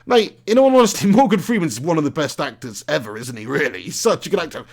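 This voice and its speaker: A man's voice: on the high side, animated, fast talker. Chatty man streaming a game. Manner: chatty, laughs often, reads out chat messages. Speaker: gaming streamer. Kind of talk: casual live-stream commentary.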